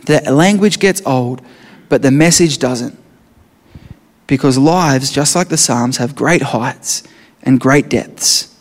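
A man's voice: medium pitch, takes it slowly. A man preaching a sermon, earnestly explaining scripture and reading passages aloud. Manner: earnest, reads scripture aloud with rising intensity. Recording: reverberant hall.

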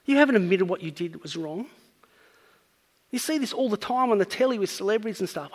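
A man's voice: high-pitched, lively intonation, a little fast, long reverb tail. A man preaching a sermon, earnestly teaching and building up to emphatic points.

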